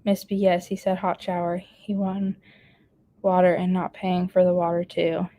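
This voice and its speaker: A woman's voice: fairly low pitch, flat delivery, moderate pace, mellow. Chatty woman streamer reading comments. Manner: chatty, laughs often while reading comments aloud. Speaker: live streamer reading chat. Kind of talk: casual live-stream chat.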